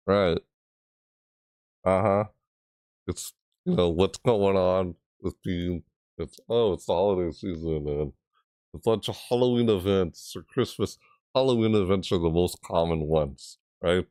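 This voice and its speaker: A man who makes gaming videos, chatting casually to camera, reading out viewer messages and answering them in a rambling way, with sudden high yelps. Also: measured pace, long pauses, a little mellow, no echo, studio quality. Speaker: gaming YouTuber reacting to trailers and chat.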